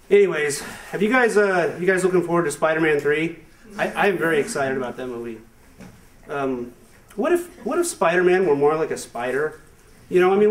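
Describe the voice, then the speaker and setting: Rambling young-sounding male stand-up comic. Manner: rambling, self-amused, many fillers and restarts; breaks into high squeaky put-on voices for jokes. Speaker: stand-up comedian. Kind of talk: stand-up comedy set. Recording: distant mic, far from the speaker.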